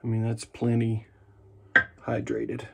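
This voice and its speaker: Laid-back guy talking thru his shave, gravelly low-key voice, kinda mellow. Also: takes it slowly. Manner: relaxed, chatty and jokey while shaving. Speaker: wet shaving vlogger. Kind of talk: casual shaving vlog narration.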